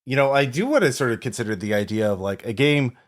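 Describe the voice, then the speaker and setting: A man's voice: medium pitch, lively intonation, fast talker. Man musing over games on a podcast. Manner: rambling, many fillers and restarts, reflective. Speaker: podcast co-host. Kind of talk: casual chat.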